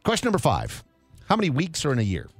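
Lively male radio quiz host. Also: on the high side, fast talker, faint music behind. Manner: lively, teasing quizmaster. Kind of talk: studio quiz banter. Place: radio studio. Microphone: studio microphone.

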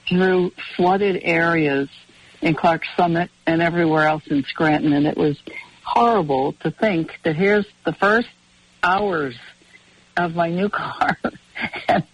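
A woman's voice: lowish voice, unhurried, slightly rough, no room sound. A woman co-hosting a radio show, chatting casually and rambling through long anecdotes. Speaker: radio co-host. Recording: dull, dry radio broadcast audio.

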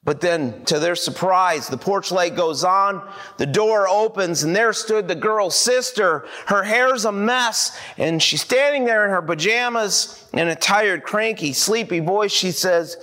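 A male pastor preaching a sermon to a congregation, telling a story with animated acted-out dialogue. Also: high voice, measured pace, few pauses.

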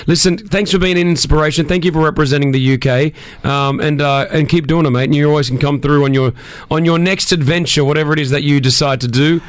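A man's voice: a little high, steady tone, fast, few pauses, no room sound. A man hosting a radio show in a jokey, upbeat way, with casual banter. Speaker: radio host.

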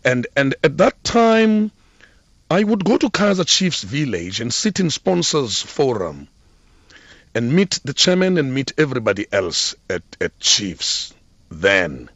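South African man, middle-aged, radio guest, animated storyteller, swooping pitch, dry muffled sound. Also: a little slow, no echo. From Eastern Cape, South Africa. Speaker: guest, former football club PR officer.

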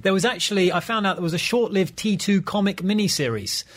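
A man's voice: high voice, a little fast. A man hosting a casual film podcast, chatty and full of trivia. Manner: chatty, trivia-telling, laughs often. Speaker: podcast host.

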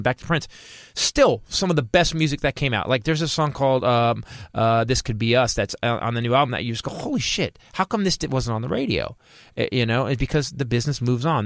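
A man talking fast and loose, piling up restarts and swearing as he spins a long comic story on a podcast. His voice sits in an ordinary middle register, close-miked and dry with no room sound. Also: mid-range voice, no room sound. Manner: fast, profane, animated storytelling with quick restarts. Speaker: stand-up comedian, guest.

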